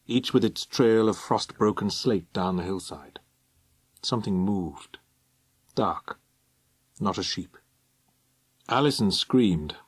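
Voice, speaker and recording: A man narrating an audiobook in a measured, expressive reading. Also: fairly low pitch, husky, dry recording. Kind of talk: scripted narration.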